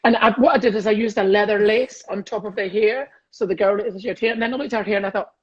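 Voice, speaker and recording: A man's voice: high voice, steady tone, fast, slightly rough, lo-fi sound. A Scottish man, a comedian, chatting cheekily on a video call and laughing often. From Scotland. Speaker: comedian guest. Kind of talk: casual chat on a video call.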